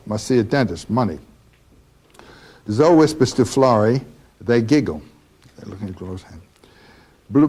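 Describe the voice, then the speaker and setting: A man lecturing on a novel, talking slowly and haltingly with many fillers. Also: medium pitch, darkish tone. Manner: slow and halting with frequent fillers. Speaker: literature lecturer.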